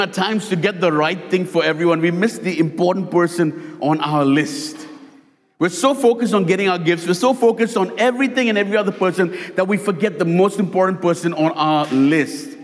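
High-voiced preacher in an echoing hall. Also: male voice, moderate pace. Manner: animated storytelling with repeated lines. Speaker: pastor. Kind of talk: sermon.

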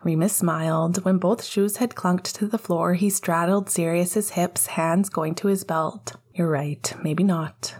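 A woman narrating a fan fiction story aloud in a calm, even storytelling manner. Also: lowish voice, unhurried, hardly any pauses, slightly rough. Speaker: audiobook narrator.

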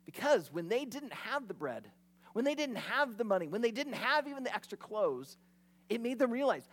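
Animated conversational preacher. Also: medium pitch, moderate pace. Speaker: pastor. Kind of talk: sermon.

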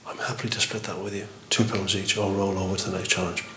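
A man's voice: low voice, flat delivery, quick pace. A man co-hosting a comic ghost hunt, a blunt, teasing sceptic talking in an old pub at night. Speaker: co-host. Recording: echoey pub room, noisy.

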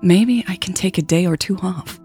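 A woman voicing an eager, shy young woman in love, who gets squeaky when flustered. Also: moderate pace, warm tone, faint music behind, close to an everyday voice.

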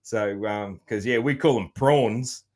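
A man's voice: lowish voice, slow. Laid-back Australian man hosting a podcast. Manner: laid-back, swears casually, lots of fillers and "man". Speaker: podcast host. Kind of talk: casual chat.

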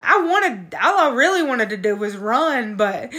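A woman's voice: a little high, very animated, measured pace, pushed and bright. A woman telling a personal story earnestly on a casual podcast, talking straight to her listeners. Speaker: podcast co-host.

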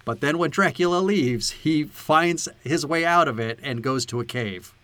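A man's voice: on the high side, moderate pace, fairly bright tone, no echo. A man co-hosting a podcast, chatting casually and profanely about a movie, laughing often. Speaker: podcast co-host.

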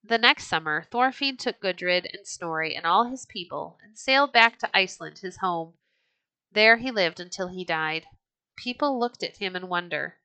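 Reading a children's storybook aloud, a woman speaks in a measured, expressive way with a bright, clear, lowish voice. It's captured up close and dry, with no echo or room sound.

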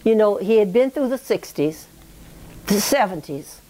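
A woman's voice: mid-range voice, expressive, a little slow, mellow. A woman recounting a relative's history in an oral history interview, talking in a reflective, digressive way and checking in with "you know" and "okay?".

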